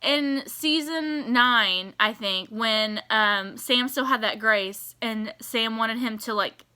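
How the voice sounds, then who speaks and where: A woman giving casual, animated reaction commentary on a TV episode, exasperated and swearing as she rants. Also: on the high side, slow, smooth. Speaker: TV reaction vlogger.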